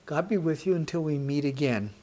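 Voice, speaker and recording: A woman's voice: deep voice, lively intonation, brisk, dark tone. A woman teaching a music lesson on rhythm, counting beats aloud in a patient, encouraging, plainspoken way.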